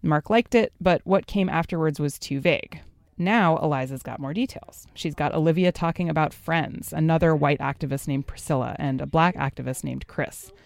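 Woman narrating a podcast, slightly gravelly. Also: sits low, a little fast, darkish tone. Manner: conversational, explanatory.

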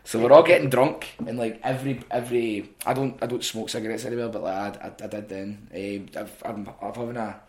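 A man's voice: fairly low pitch, steady tone, brisk, few pauses. A Scottish man, a wrestling promoter, chatting casually on a podcast, swearing freely and stumbling over restarts as he spins anecdotes.

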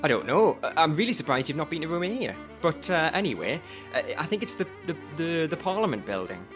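A man's voice: on the high side, sing-song, fast, over music. A man hosting a podcast, chatting in a playful, teasing way. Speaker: podcast host. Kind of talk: casual podcast chat.

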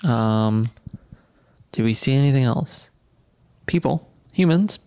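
A man's voice: medium pitch, takes it slowly, clear, resonant tone. A man hosting a podcast, telling a story in a casual chat and laughing as he goes. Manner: animated storyteller, laughs mid-sentence. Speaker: podcast host.

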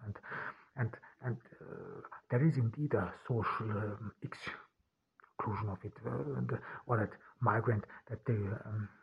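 A man hosting a podcast, talking in a halting way with many restarts and fillers. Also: medium pitch, gravelly, slightly rough. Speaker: podcast host. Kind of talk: casual monologue. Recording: dull lo-fi audio.

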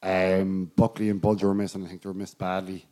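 A man's voice: deep voice, monotone, a little fast, warm tone. An Irish man co-hosting a casual sports podcast, telling rambling anecdotes and laughing often. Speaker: podcast co-host.

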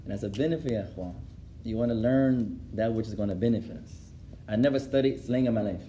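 A man leads an Islamic class, shifting between English and Arabic as he translates, repeating phrases for emphasis and laughing at his own stories. His voice is on the low side and dark, he speaks quickly, and slight background noise is present.

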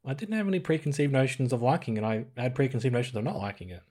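A man co-hosting a film review podcast, defending a film in a hesitant, halting way. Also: mid-range voice, warm tone. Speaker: podcast co-host. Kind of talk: casual film review chat.

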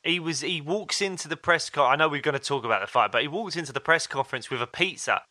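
A man's voice: fairly high pitch, fast, bright, forceful tone, no echo. A man co-hosting a podcast, telling stories in a chatty, casual way with fillers and quoted asides. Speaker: podcast co-host. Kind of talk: casual chat.

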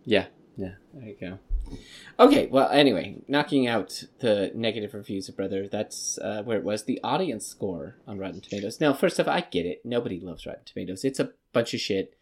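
A man's voice: on the low side, lively intonation, a little fast, husky. A man hosting a podcast, ranting profanely in casual movie review chat. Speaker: podcast host.

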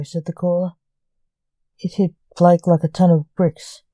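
A woman hosting a podcast, narrating a gothic story in a measured, deliberate reading. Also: lowish voice, level tone, dark tone, no echo.

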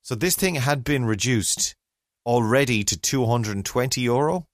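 A man's voice: medium pitch, animated, moderate pace, no echo, clean studio sound. A middle-aged Irish man with a rambling, self-mocking manner, telling a long story in casual chat as podcast co-host, on a remote call mic. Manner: rambling, self-mocking, acts out other voices.

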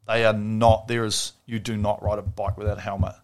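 A man's voice: lowish voice, little pitch movement, a little fast, a little mellow. A man with a New Zealand accent telling stories in casual chat, rambling and laughing often.

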